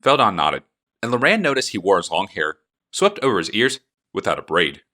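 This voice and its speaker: A man reading an audiobook with expressive, animated storytelling. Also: low voice, a little fast. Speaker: narrator.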